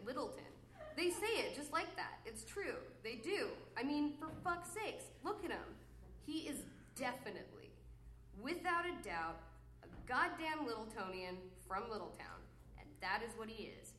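A woman performing her poem live in a roomy, echoey space, her higher voice leaping up and down in pitch. She repeats herself, coos mock-flirty asides and then grumbles in exasperation. A faint hum sits underneath. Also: big pitch swings, moderate pace, pushed and bright. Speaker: poet reading her work. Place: reading series venue with an audience.

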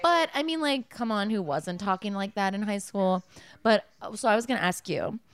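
A woman's voice: mid-range voice, animated, moderate pace, clear, resonant tone, no room sound. A woman co-hosting a podcast in casual chat; she talks bluntly, swears freely and acts out quoted lines. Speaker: podcast co-host. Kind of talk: casual chat while watching a film.

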